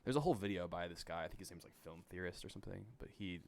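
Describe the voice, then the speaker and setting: A man's voice: low-pitched, racing, creaky, darkish tone, a little hiss or hum. A man in his twenties, a podcast guest, chatting in a laid-back, enthusiastic way and laughing easily. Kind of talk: casual chat.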